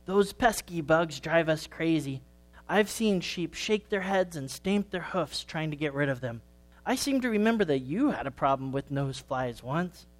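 A man voicing the oldest ewe of the flock, a kind and wise grandmother sheep, explaining things gently and patiently in a storybook. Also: a little high, animated, moderate pace, lightly acted.

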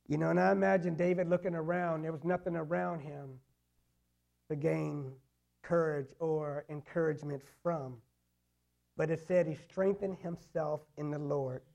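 A man's voice: on the high side, steady tone, normal speed, vocal fry, a little mellow. A man preaching a sermon in a conversational way, full of "you know" fillers and repeated phrases. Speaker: pastor.

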